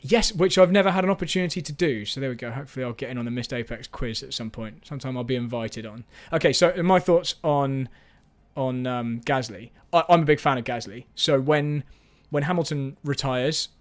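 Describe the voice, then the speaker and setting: A man's voice: mid-range voice, fairly quick. A man hosting a casual live-stream chat, rambling and self-mocking, with frequent restarts. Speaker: host.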